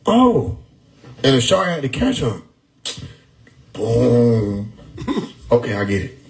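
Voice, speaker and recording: A man hosting a live stream, riffing loudly on chat comments with frequent laughter and profanity. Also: medium pitch, wildly swooping pitch, takes it slowly, gravelly, rough recording. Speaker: livestream host reading chat. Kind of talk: casual livestream chat. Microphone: phone or desktop mic on a live stream.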